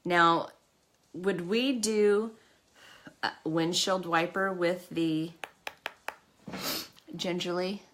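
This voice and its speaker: A woman's voice: lowish voice, fairly even intonation, very slow, pauses often, fairly bright tone, slight background noise. A woman hosting a live makeup stream, chatty and emotional, talking to her viewers by name. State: tearful at times. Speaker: makeup livestream host. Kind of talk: casual live makeup chat.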